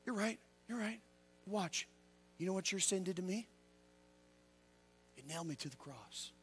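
A man preaching a revival sermon as an evangelist, calling out questions to the congregation and swinging between loud exclamations and low quiet asides. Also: animated, moderate pace, soft background music. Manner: call-and-response with the congregation. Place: church.

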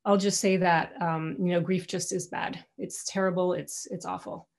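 A middle-aged woman speaks candidly to an alumni audience over a video call from her home. Her voice sits on the low side, and her talk is conversational, often breaking off and restarting mid-sentence. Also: flat delivery, normal speed, gravelly. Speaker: guest speaker.

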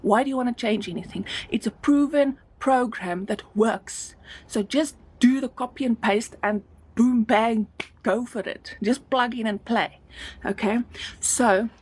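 On a live stream, a South African woman sells her online business in an unhurried, somewhat mellow, slightly rough voice. She stays emphatic throughout, repeating words constantly, and seems a touch short of breath.

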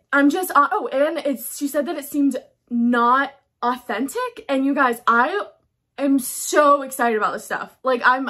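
High and light-voiced, a young fashion haul vlogger chats casually to her phone camera at home. She's gushing and excitable, her talk breathless and full of fillers, often trailing away before starting over.

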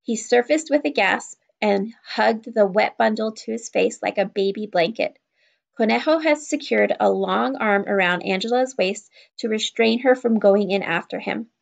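A woman reading a children's novel aloud in a steady, even storytelling voice. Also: mid-range voice, moderate pace, vocal fry. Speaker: children's book reader. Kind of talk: read-aloud narration.

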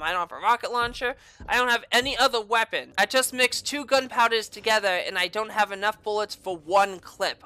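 Young woman streaming a horror game, super bright voice, swears constantly, yelps when stuff jumps out. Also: mid-range voice. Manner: crude, swears a lot, jokey; yelps and shouts when startled. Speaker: gamer playing a horror game. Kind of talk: let's play commentary.

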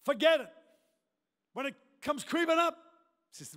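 A male pastor preaching an emphatic sermon in a large church auditorium, repeating his lines and rising to shouted prayer. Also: extremely high pitch, big pitch swings, normal speed. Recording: long reverb of a large church hall.

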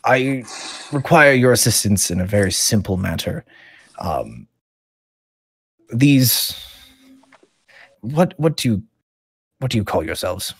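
A man's voice: fairly low pitch, big pitch swings, slow pace, pauses often, slightly rough, dry recording, heavily acted. A man voicing a polite, slightly flustered town guard captain in a tabletop game.

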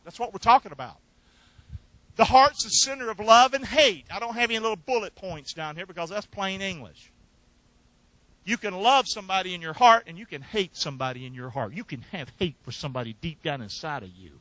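High bright preacher, loud then hushed. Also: male voice, no echo, poor audio. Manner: exhorting, coaxing the congregation to repeat lines; swings between loud emphatic lines and low asides. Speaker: pastor. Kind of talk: sermon with call and response.

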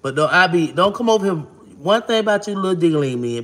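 A woman vlogging casually to camera, talking bluntly and brashly, cursing freely, with an animated, expressive delivery. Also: on the low side, a little fast.

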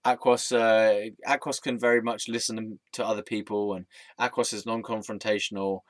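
A man's voice: on the low side, normal speed, hardly any pauses, dry recording. A young man rambling in a scattered monologue, often laughing, swearing and losing his train of thought. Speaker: vlogger. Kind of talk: rambling stream-of-consciousness monologue.

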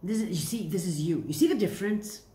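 Speaking quickly in a mellow, lowish voice, this tarot reader chats playfully to camera during a casual reading, tossing out rhetorical questions only to answer them herself. Faint hiss and echo fill the room.

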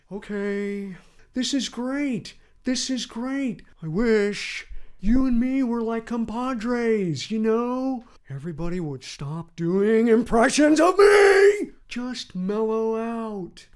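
A man doing a quick run of celebrity impressions in a comedy sketch. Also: extremely high pitch.

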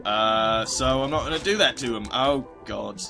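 A man's voice: medium pitch, normal speed, creaky, over music. A man giving casual gameplay commentary, rambling and self-mocking, cursing at the game and slipping into a put-on British accent at times. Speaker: let's play commentator.

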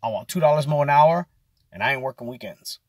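A man's voice: medium pitch, expressive, fast, no room sound, clean studio sound, lightly acted. A man voicing a tough male grill cook who talks back bluntly to his boss. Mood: defiant. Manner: blunt, streetwise, swearing.

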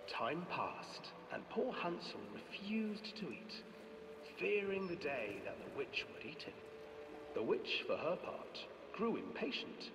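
A man narrating a dark fairy tale in a game and voicing an old witch in a theatrical, drawn-out way. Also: high voice, very animated, background noise, full character voice. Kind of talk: storybook narration with character voices. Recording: roomy distant sound with music.

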